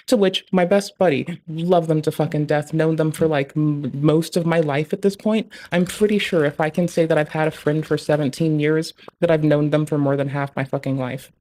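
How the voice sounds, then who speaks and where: A man's voice: fairly high pitch, steady tone, moderate pace, hardly any pauses, a little mellow. A young adult man streaming live, chatting casually in a rambling, profanity-heavy way.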